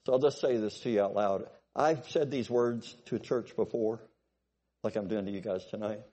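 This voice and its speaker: An older man preaching a sermon to a congregation, swinging from loud exhortation to quiet, musing asides and asking for amens. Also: fairly low pitch, moderate pace.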